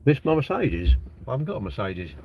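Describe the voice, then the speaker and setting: A man's voice: medium pitch, sing-song, brisk, creaky, narrow, tinny audio, a little hiss or hum. A man, chatting casually on a live stream from his car and answering viewer comments in a rambling way. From Britain. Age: 60s. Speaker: livestream host. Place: inside a parked car. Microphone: phone propped at the windscreen.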